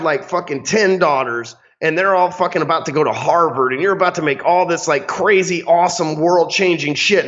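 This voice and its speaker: A man's voice: on the high side, a bit bright, lo-fi sound. A man hosting an unscripted advice rant, blunt and emphatic, swearing freely. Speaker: host.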